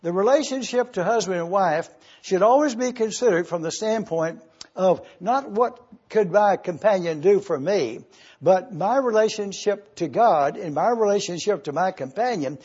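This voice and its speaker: A man delivers a Bible teaching sermon in a high-pitched voice with a husky edge. He explains each point deliberately, slowing down to stretch out key words. The recording sounds muffled and lo-fi. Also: lively intonation, a little mellow. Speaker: preacher.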